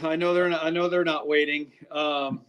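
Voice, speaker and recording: A man's voice: on the high side, level tone, normal speed, a bit bright, clean tone. A man being interviewed as a guest, talking candidly with lots of restarts. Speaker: draft scout, guest. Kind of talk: casual interview talk.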